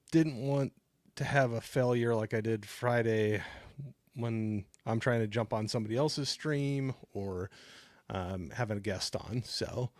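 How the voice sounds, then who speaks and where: A middle-aged man hosts a relaxed livestream from home and speaks at a mid-range pitch. He rambles through his thoughts, thanks viewers and reads their chat aloud. The close microphone sounds dry, with no room echo. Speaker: livestream host. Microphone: new desktop microphone.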